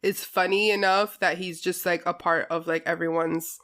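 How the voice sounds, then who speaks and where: A young woman co-hosts a podcast in loose, casual chat. Her voice sits a little low, and she rambles emotionally and laughs often. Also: little pitch movement, normal speed, fairly bright tone. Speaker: podcast co-host.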